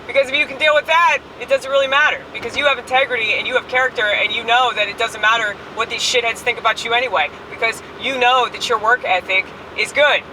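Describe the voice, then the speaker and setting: A woman's voice: fairly high pitch, fairly even intonation, fast, hardly any pauses, recorded from a distance, noisy background. A woman ranting crudely while driving and filming herself on a phone. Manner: brash, profane, rambling. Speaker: online comedian. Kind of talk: casual driving vlog rant. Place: inside a moving car. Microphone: phone camera held while driving.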